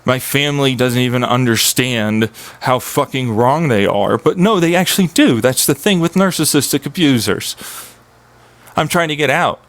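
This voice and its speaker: A man's voice: medium pitch, normal speed, a bit bright, dry recording. A young man streaming, venting in an agitated, profane, rambling monologue.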